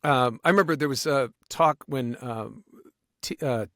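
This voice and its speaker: A man guesting on a podcast as a voice actor, talking in an animated way and slipping into quick voices. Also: medium pitch, dry recording, clean studio sound. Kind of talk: casual podcast conversation.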